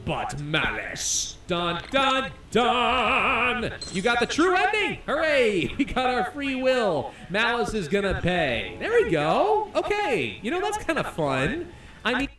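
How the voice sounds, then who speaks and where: A man with a high, bouncy voice reads a game's story out loud with drama and breaks into excited reactions. He sounds like he's in an echoey room, with faint music playing under the gameplay. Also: measured pace, far from the mic. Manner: excitable, laughing, dramatic reading. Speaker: gaming YouTuber. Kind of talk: let's-play commentary, reading the game text aloud.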